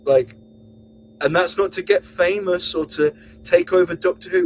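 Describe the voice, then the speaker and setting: A man hosts a podcast in a heated rant, angry and full of swearing. His voice swings widely in pitch and sits a bit high for a man. A faint hum runs under the recording. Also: huge pitch swings, moderate pace, creaky, poor audio. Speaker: podcast host.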